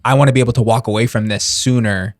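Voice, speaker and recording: A man's voice: mid-range voice, steady tone, fast, no echo, studio quality. A young man guesting on a podcast, talking in an eager, casual way and filling his sentences with "like". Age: young adult. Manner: enthusiastic, filler-heavy, says "like" a lot. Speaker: guest, real estate investor.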